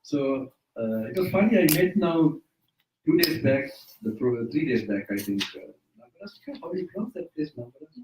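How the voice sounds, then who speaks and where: Sri monk speaking, roomy and distant. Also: male voice, on the high side, big pitch swings, moderate pace, noisy background. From Sri Lanka. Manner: loose, self-correcting, chuckles often. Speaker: Buddhist monk teacher. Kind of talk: informal dharma talk. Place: indoors at a private residence. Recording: roomy sound, mic at a distance.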